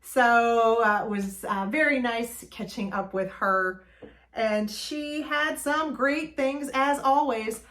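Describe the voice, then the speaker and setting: A woman's voice: fairly high pitch, slow, fairly bright tone. A woman hosting her own vlog, talking casually and enthusiastically about her shopping finds, with frequent ums and uhs. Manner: chatty, enthusiastic, with many fillers. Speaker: vlog host. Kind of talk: casual shopping haul talk.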